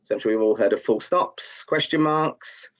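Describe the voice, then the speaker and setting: Running a live online class, a male tutor cheers his learners on and reads their chat answers aloud, dropping lots of fillers. He speaks at a medium pitch and a moderate pace, and the audio is a bit dull and muffled.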